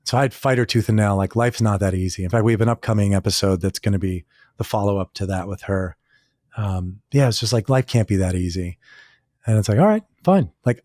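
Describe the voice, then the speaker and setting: A man's voice: fairly low pitch, darkish tone, no echo, clean studio sound. A man hosting his own podcast, reflecting in a candid, casual way and leaning on lots of "like"s. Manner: casual, candid, many filler "like"s. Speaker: podcast host. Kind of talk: solo reflective podcast talk.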